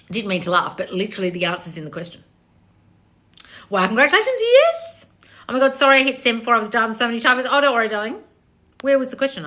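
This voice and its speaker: A woman's voice: mid-range voice, bright, forceful tone. A woman coach hosting a live-stream Q&A on her phone, bluntly answering viewer comments with frequent swearing and laughter. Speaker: manifestation coach.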